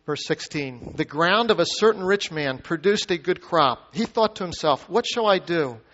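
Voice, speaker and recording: A man's voice: a little high, animated, moderate pace, fairly bright tone. A man preaching a sermon as pastor, reading scripture aloud and asking the congregation questions. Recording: muffled sound with long hall reverb.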